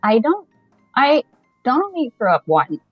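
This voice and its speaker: A woman from Canada, a podcast guest, telling a personal story in a lively, casual way and laughing often as she goes. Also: sits high, a little slow, slightly rough, no echo, lo-fi sound, soft background music.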